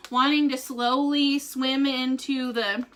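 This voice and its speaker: A woman's voice: high-pitched, level tone, slow, very noisy. A woman vlogger chatting casually to viewers on a live stream from home, bubbly and filler-heavy.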